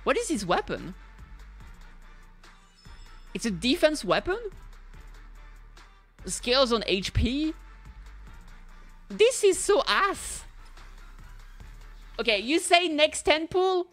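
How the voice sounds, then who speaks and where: A young woman streamer reacting loudly to game pulls, talking to the screen and shouting when things go wrong. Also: high-pitched, slow, pauses often, faint music behind. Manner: excitable, yells at the game. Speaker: gaming streamer.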